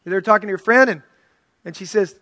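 A man's voice: high-pitched, fast talker, sharp tone, no echo. A male pastor preaching an earnest, conversational sermon and reading scripture aloud.

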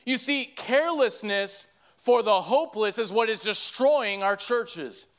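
A man's voice: high-pitched, unhurried, a bit bright. A man. He is earnest and pleading, and he often stumbles and restarts as he builds toward his points. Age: 30s. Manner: earnest preaching with repeated restarts. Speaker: preacher. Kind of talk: sermon.

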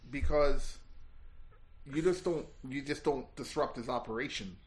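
A tough vampire hunter with a put-on Chicago accent, as a man plays him, blunt and ready to kill. He talks in plain, hard-nosed phrases at a moderate pitch for a tabletop role-play. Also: a little slow, lightly acted. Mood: gruff. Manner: blunt, tough-guy talk. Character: gruff male vampire hunter, blunt and violent.

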